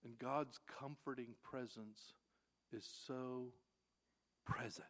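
This male preacher works through scripture verse by verse, his voice pitched a bit high for a man and his delivery very animated. His intonation rises and falls sharply, shifting between forceful, loud statements and quiet, almost whispered remarks. When quoting verses, he slows into a measured, old-fashioned King James rhythm.

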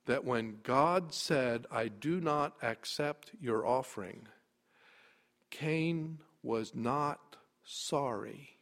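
Slow, bright-voiced male preacher. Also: mid-range voice. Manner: emphatic, slow, swings from quiet to loud. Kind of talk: sermon.

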